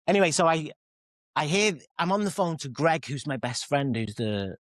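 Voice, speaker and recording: A pop singer and author in his forties from England, with a Mancunian accent, guests in an interview telling candid, self-deprecating stories. His slightly high voice swings widely in pitch at normal speed, recorded dry. He rambles, restarts often, and acts out quotes.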